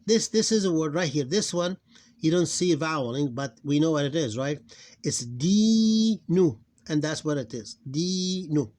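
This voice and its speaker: Guy teaching phonics, lots of uh, drags out the sounds, kinda high voice. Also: darkish tone. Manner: hesitant, many fillers, slows down to sound out words. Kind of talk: explaining a lesson on screen.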